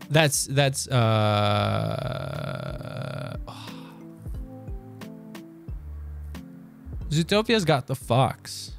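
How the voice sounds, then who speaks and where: A man streaming live and chatting casually through a quiz, excitable and quick to swear as he reads lyrics aloud. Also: mid-range voice, vocal fry, faint music behind.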